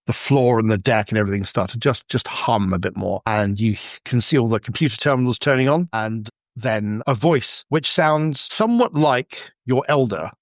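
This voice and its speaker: A man's voice: mid-range voice, dry recording, clean studio sound. Man narrating as game master, lots of fillers. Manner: loose, improvised narration with many fillers.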